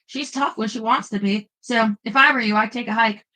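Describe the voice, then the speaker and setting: A woman's voice: fairly high pitch, fairly even intonation, brisk, bright, forceful tone, poor audio. A woman voicing a wry male demon companion who talks in a dry, sarcastic drawl.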